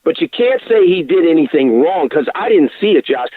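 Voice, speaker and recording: Male caller, argumentative, tinny phone line, high and very animated. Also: fairly quick, breathy edge, no echo. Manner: argumentative, lively, restarts to make his point. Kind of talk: heated sports debate by phone.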